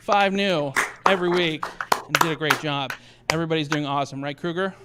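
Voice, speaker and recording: A man's voice: on the high side, steady tone, a little fast, very noisy. A man hosting a virtual comedy show, chatty and rambling with many fillers as he introduces comics.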